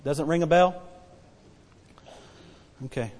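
A man in his forties preaching a sermon, repeating key phrases and drawing out Bible verses slowly. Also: on the high side, a little mellow, in a large hall, a little hiss or hum. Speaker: pastor.

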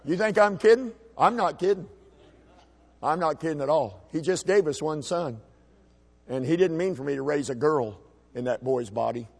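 A middle-aged man preaching a sermon as a pastor, folksy and emphatic, with shouted peaks. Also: a little high, moderate pace, gravelly, breathy edge, big-room sound. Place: church sanctuary.

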